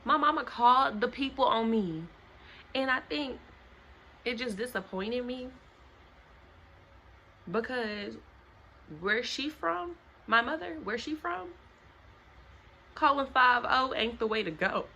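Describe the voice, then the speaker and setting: Young woman vlogger, high-ish bright voice, lively storytime delivery. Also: takes it slowly, vocal fry, long pauses, slight background noise. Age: young adult. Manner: animated, dramatic retelling that acts out other people's lines. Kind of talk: casual storytime to camera. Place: home.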